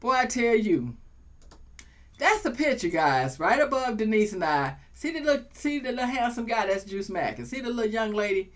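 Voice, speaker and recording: A woman's voice: a little high, big pitch swings, normal speed. A woman hosting a talk show, chatting playfully and building to preacher-like repetition. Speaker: show host. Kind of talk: casual talk show chat.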